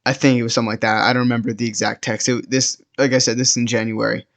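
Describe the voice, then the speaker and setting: A man's voice: medium pitch, flat delivery, very fast, creaky, fairly bright tone. A teenage boy telling a personal story in a casual, rambling way, full of fillers and restarts. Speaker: storytime vlogger.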